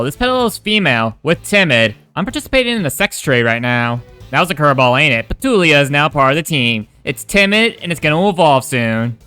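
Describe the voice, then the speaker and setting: A man casually commenting on his own video game run, wry and quick to swear. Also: a little high, pushed and bright, smooth. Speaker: gaming YouTuber.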